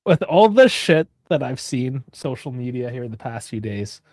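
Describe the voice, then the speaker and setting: A man's voice: medium pitch, very animated, moderate pace, a little mellow, no echo. Chatty man hosting a live stream. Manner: chatty, laughs often. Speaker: host. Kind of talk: casual live-stream chat.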